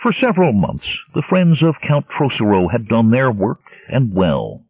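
A man narrating an adventure novel in a dramatic, expressive storytelling manner. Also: medium pitch, moderate pace, breathy edge, dry recording. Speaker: audiobook narrator. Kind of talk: scripted narration. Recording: tinny lo-fi narrowband audio, dry.

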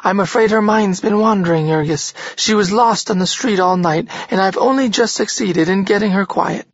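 A reader voicing an anxious older woman of the household in an audiobook, hushed and breathless. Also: medium pitch, normal speed, no echo, highs cut off, voice pushed up, natural voice. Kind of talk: audiobook character reading.

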